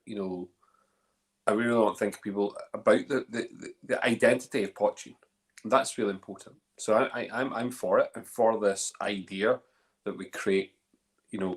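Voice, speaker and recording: A low-voiced man hosts a casual online talk. He rambles cheerfully, restarting sentences and stacking fillers. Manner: chatty, many restarts and fillers. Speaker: host. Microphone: online call.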